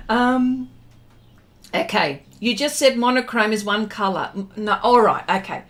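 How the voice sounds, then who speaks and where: A woman with a fairly high voice chats at an unhurried pace as she hosts a live art session. She reads out her viewers' comments and answers them in a playful, self-teasing way, talking casually while she works. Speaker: art livestream host.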